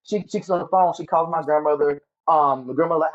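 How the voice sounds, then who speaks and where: Male guest, higher-pitched, stammering storyteller who voices the people he quotes, muffled recording. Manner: halting, repeats words, acts out quoted voices. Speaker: guest sharing his story. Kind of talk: emotional personal storytelling.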